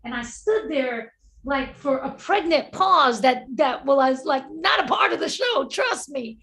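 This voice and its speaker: Woman, fairly high, bright tense voice, lively storyteller, video call chat. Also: a little slow, creaky. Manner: animated storyteller acting out quotes. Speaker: actor and filmmaker. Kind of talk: casual online conversation.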